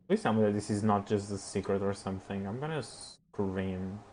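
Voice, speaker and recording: A man streaming a game live, chatting to his viewers, reacting loudly and swearing as he plays. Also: on the low side, fast talker. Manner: excitable, swears, talks to chat. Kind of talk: live gameplay commentary.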